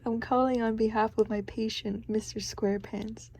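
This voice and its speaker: A woman's voice: fairly high pitch, fairly even intonation, normal speed, darkish tone, slight background noise, lightly acted. A woman reading the lines of a goofy male starfish playing doctor, in her own voice, breaking into laughs. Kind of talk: storybook read-aloud.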